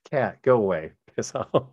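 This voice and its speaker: A man's voice: medium pitch, breathy edge, no echo, dull audio. A man rambling through a secondhand story in casual chat, stumbling and restarting, swearing now and then.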